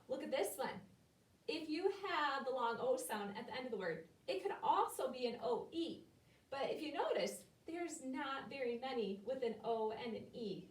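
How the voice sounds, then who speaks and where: A woman teaching a phonics lesson to young children, slowly sounding out words in a patient way. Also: fairly high pitch. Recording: echoey room from far off.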